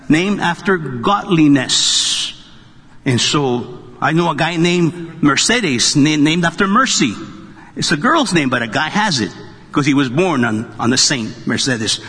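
Pastor type, man, high husky voice, jokey conversational sermon, long hall echo. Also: pushed and bright. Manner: joking, conversational preaching. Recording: long reverb of a large hall.

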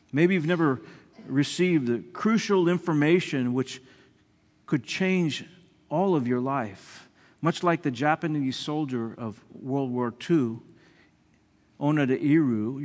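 A male pastor preaching a sermon with animated delivery, restarting words and swinging between loud emphasis and quiet lines. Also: medium pitch, long reverb tail.

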